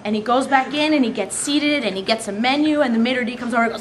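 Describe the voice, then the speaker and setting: High-voiced woman telling jokes with gusto. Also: quick pace, few pauses, a little hiss or hum. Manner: animated storyteller, laughs through punchlines and acts out quoted voices. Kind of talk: casual joke-telling.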